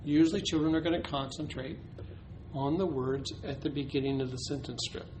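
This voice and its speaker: A man's voice: fairly high pitch, steady tone, a little fast, darkish tone. Man explaining a classroom teaching method. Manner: explanatory, with frequent ums and uhs. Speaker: teacher educator. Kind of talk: instructional demonstration. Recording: noisy recording.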